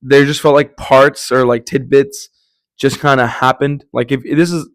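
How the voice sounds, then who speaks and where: A man's voice: mid-range voice, flat delivery, normal speed, no echo, clean studio sound. A young man hosting a casual solo podcast, rambling and joking with lots of fillers and restarts. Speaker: podcast host.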